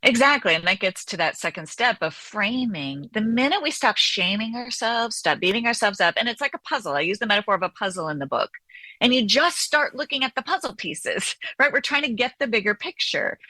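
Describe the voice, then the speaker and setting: A woman's voice: fairly high pitch, lively intonation, a little fast, bright, forceful tone, dry recording. A woman therapist and author being interviewed on the radio, explaining animatedly and often checking in with "right?".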